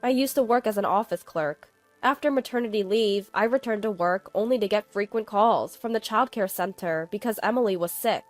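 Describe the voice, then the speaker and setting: A woman narrating a personal family story in a calm, matter-of-fact, scripted first-person style. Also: mid-range voice, fairly quick, soft background music.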